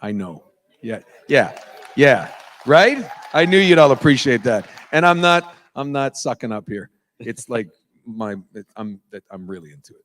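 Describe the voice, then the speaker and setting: A middle-aged New England man, a voice actor guesting on a convention panel, chats casually onstage in an auditorium, telling rambling anecdotes full of tangents and chuckles to a live audience. His medium-pitched voice is very animated and a bit bright, at normal speed, with slight background noise.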